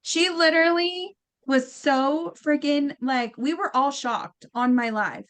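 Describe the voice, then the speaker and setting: A woman's voice: sits high, slow pace. A woman telling a story in a casual chat, acting out quotes with lots of fillers. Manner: animated, acts out quotes, many fillers. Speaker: guest healer.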